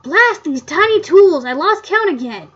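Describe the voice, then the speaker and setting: A woman reading the lines of a grumpy old male coroner, loud and gruff, on a muffled lo-fi mic. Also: very high-pitched, lively intonation, a little slow, a little hiss or hum, pitched above the performer's own voice.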